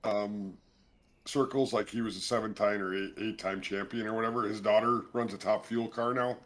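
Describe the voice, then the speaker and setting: A man's voice: lowish voice, fairly even intonation, moderate pace. A laid-back man joking around in a casual gaming stream chat.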